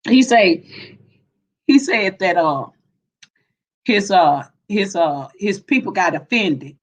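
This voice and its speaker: A woman's voice: mid-range voice, lively intonation, takes it slowly, low-quality recording. A woman hosting a casual livestream, laughing often as she greets viewers by name and reads their comments. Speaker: livestream host.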